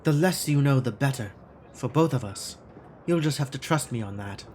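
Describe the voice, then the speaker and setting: Guy putting on a stiff corporate lady with a fake german accent, clipped and formal, pitch bouncing around. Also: expressive, normal speed, darkish tone, slight background noise, natural voice. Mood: grave. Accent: put-on German. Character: anxious corporate woman scientist, guarded, formal. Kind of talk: video game dialogue read aloud.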